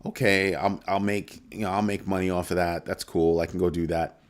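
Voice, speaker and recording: A man hosting a casual live-stream crypto show, talking through numbers with animated swings between calm and mock panic. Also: deep voice, a little fast.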